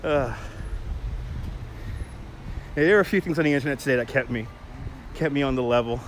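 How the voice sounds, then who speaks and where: A man hosts a nighttime walking livestream on a quiet city street, chatting with viewers, reading their comments out loud, and laughing a lot. His voice sits in the mid range and runs a little fast, with slight hiss or hum on the audio.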